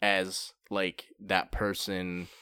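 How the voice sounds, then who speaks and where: A man's voice: deep voice, level tone, very slow, bright, forceful tone, clean tone, no echo, clean studio sound. A man co-hosting a casual podcast, joking around with wry, profane banter. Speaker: podcast co-host.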